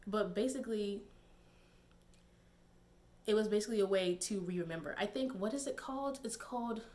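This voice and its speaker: Young woman, casual vlog commentary, animated and rambling, middle pitch. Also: moderate pace. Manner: animated, digressive, laughs often, many fillers. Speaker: YouTube commentator.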